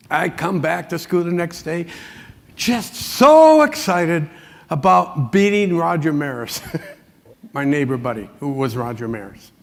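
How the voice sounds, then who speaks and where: A man with a high, gravelly voice delivers a motivational keynote as a string of folksy stories, chuckling often between lines. His voice rings out through a big conference hall with a long, trailing reverb. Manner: folksy anecdotes with frequent chuckles. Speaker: motivational speaker.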